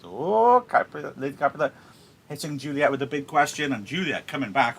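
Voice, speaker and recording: A man's voice: a little high, lively intonation, a little fast, creaky, a bit bright, slight background noise. A man teaching a play on a livestream, explaining in a chatty way with wry asides. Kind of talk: casual livestream lesson on a play.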